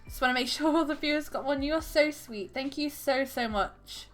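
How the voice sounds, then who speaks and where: A woman hosting a live stream has a high, bright voice and an unhurried way of talking. She laughs often and pours out overwhelmed thanks to her viewers. Faint music plays underneath. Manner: giggly and effusive, laughing often. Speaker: livestream host.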